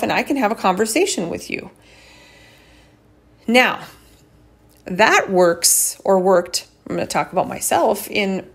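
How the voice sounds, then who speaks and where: On her casual solo podcast, a female chiropractor speaks frankly, moving her pitch up and down to show off different tones of voice.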